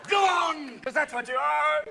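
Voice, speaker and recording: A man in his fifties performing stand-up comedy, switching manically between voices and bursting into shouts. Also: very high voice, unhurried, creaky. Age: 50s. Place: theater stage before a laughing audience. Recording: live theater recording with audience noise.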